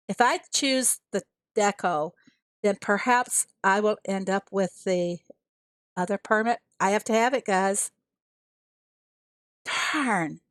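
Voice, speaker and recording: A woman's voice: mid-range voice, fairly bright tone, no room sound. A woman streaming a mobile farming game, chatting casually with her viewers and talking herself through each move. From USA. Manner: chatty, talks to herself and reads chat aloud. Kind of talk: casual live-stream commentary.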